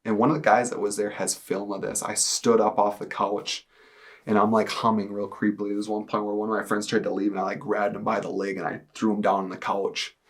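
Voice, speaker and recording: A young man telling his personal testimony in earnest, halting speech with many fillers. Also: lowish voice, little pitch movement. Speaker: testimony speaker.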